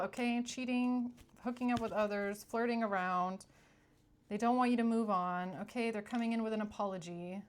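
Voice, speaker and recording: Blunt, chatty woman reading tarot. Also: mid-range voice. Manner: chatty, blunt, repeats "okay?" and "like". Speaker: tarot reader. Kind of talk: casual tarot reading to camera.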